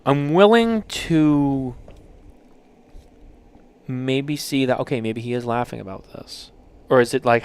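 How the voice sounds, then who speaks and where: Man, podcast host, casual chat, reads submissions aloud, joking, swears freely, middle pitch. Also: takes it slowly, pauses often, smooth.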